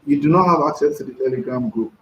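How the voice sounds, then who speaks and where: A man's voice: mid-range voice, quick pace. A man hosting a casual live stream, reading out viewers' comments and answering them, often repeating himself. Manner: chatty, repeats himself, reads comments aloud. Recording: roomy, dull lo-fi sound with faint noise.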